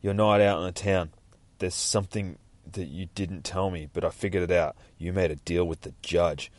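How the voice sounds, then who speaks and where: A man doing a low, earnest masked hero. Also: steady tone, normal speed, dry recording, close to an everyday voice. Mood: stern. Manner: earnest, lecturing, pleading.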